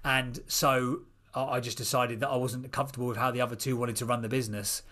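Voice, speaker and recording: A middle-aged man, a podcast guest, telling a personal story in an animated, casual way. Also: medium pitch. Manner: animated, quick storyteller with restarts.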